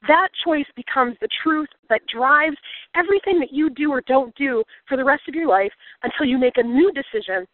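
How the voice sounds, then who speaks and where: A woman's voice: high-pitched, normal speed, no room sound. A woman telling a personal story and turning it into a motivational lesson, earnest and reflective, at times getting emotional. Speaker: speaker on a coaching call. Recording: tinny phone-like line, dry.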